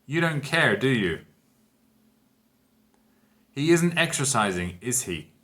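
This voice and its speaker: A man teaching a grammar lesson, speaking example sentences clearly and emphatically and counting down to the answers. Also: medium pitch, sing-song, slow, pushed and bright. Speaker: English teacher.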